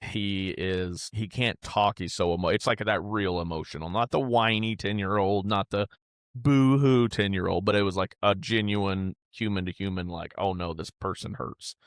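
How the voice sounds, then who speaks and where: A man in his thirties hosts a podcast and tells a story from home. His voice sits low, and he rambles in a candid, heartfelt way with some casual swearing. The sound is close and dry, with no room echo. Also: fairly even intonation, moderate pace, hardly any pauses, a bit bright. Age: 30s. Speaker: podcast host.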